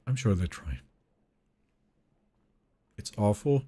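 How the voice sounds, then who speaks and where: A man's voice: mid-range voice, very animated, measured pace, mellow, slight background noise. A man streaming a game live, chatting casually and reading viewer messages aloud in a wry, joking way that trails off into mumbles.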